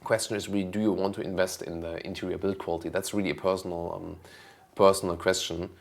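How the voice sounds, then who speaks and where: A man, hosting a car channel and casually answering viewer questions, relaxed and thinking aloud with lots of ums. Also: low voice, quick pace, creaky. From Germany. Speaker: car review host.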